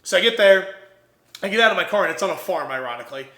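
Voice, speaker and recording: Energetic man telling a story. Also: sits high, fast, reverberant. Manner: energetic, acts out quoted voices. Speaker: podcast guest, entrepreneur. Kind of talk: animated storytelling.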